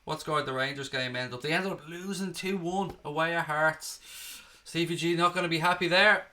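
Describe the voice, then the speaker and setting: A man's voice: on the high side, normal speed, pushed and bright. An Irish man hosting a live stream, chatting casually, reading viewer comments aloud and answering them, with the odd swear word. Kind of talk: casual live watchalong chat.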